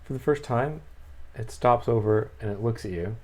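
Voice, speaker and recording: A woman running a tabletop game as game master, narrating monsters in a relaxed, descriptive way. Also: very deep voice, normal speed.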